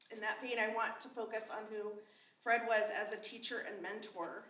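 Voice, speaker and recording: A woman's voice: a little high, steady tone, moderate pace, a bit bright. A woman in her forties, a state official, giving a heartfelt and conversational memorial tribute, laughing now and then. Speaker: Secretary of State speaking at a memorial. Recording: roomy echo from a distant mic, faint noise.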